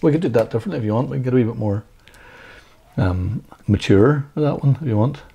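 Gravelly teasing man from Ireland. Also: medium pitch, fast, dark tone. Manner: teasing, playful banter with repeated name-calling. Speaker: podcast co-host. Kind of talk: casual chat.

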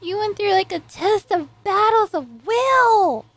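Woman doing an anime reaction, super high voice, slow and drawn out, yells encouragement at the screen. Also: lively intonation, dry recording. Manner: cheers and talks at the screen, swings loud and soft. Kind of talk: emotional anime reaction commentary.

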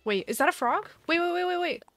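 A woman's voice: extremely high pitch, lively intonation, quick pace, fairly bright tone, faint music behind. A young woman live-streaming a video game, chatting casually with a giggly, dramatic manner and mock panic.

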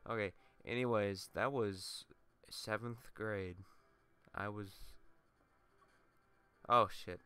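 A man's voice: fairly low pitch, steady tone, slow pace, pauses often, sharp tone, clear, resonant tone, soft background music. Rambling, foul-mouthed young male gamer. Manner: rambling, profane, laughing asides. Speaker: let's play gamer. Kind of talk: casual gameplay commentary.

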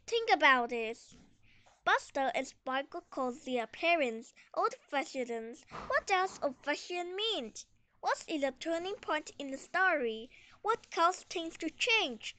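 A woman's voice: high-pitched, lively intonation, takes it slowly, bright, forceful tone. A woman carefully reading a children's story aloud, then asking comprehension questions. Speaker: storyteller and teacher.

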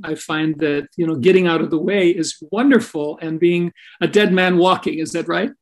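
An older man talks through anecdotes as a podcast guest, earnest and unhurried, with a voice sitting a touch higher than most men's. He keeps tagging his points with little questions to his listener. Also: fairly even intonation. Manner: earnest anecdotal storyteller with frequent "right?" tag questions. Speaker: podcast guest, Christian minister. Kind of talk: storytelling interview.

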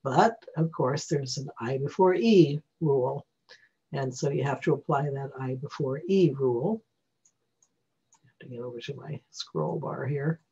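Speaking at a measured pace with a husky, medium-pitched voice, a reading teacher goes over phonics rules in a screen-recorded software tutorial. They think aloud and self-correct along the way, on a dull lo-fi recording.

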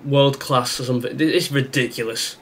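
A man's voice: mid-range voice, steady tone, normal speed, fairly bright tone. A young man commentating his own football video game, exasperated and sarcastic as he rants at the match. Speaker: gaming YouTuber. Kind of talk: frustrated live gameplay commentary.

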